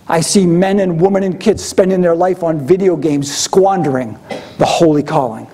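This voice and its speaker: A man's voice: fairly high pitch, normal speed, mellow, breathy edge. A man preaching a sermon in a conversational way, often acting out the voices he quotes.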